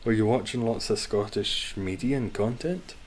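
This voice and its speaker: Sweary streamer, low voice. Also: male voice, moderate pace, a little hiss or hum. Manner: chatty, sweary, reacts to chat and gameplay. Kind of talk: casual live game stream, chatting with viewers.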